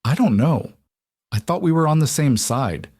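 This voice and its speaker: A man's voice: a little high, lively intonation, moderate pace, darkish tone, husky, voice pushed up. A man voicing an insecure adult husband who confesses hesitantly and apologetically in an audiobook.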